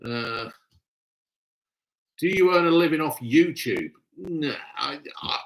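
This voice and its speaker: A man's voice: fairly high pitch, expressive, slow pace, rough recording. Blunt, swearing man. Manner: blunt, gruff, cheerfully crude. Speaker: livestream host reading chat. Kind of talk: casual live chat, heavy swearing.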